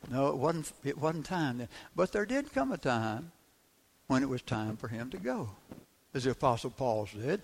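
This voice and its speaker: Gravelly-voiced male preacher, emphatic. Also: mid-range voice, sing-song, moderate pace, slight background noise. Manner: emphatic, repeats key phrases, asks the congregation rhetorical questions. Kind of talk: sermon.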